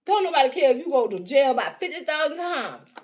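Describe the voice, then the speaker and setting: A woman doing an unscripted livestream reading, talking in a heated, profane and mocking way, often laughing, and reading out messages slowly word by word. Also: high-pitched, very animated. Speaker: livestream spiritual reader.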